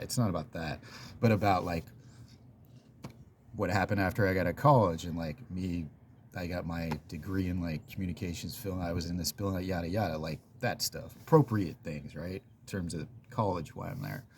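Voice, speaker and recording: A man's voice: low-pitched, slight background noise. A man casually telling a personal story in a chatty, rambling way, full of fillers and little laughs.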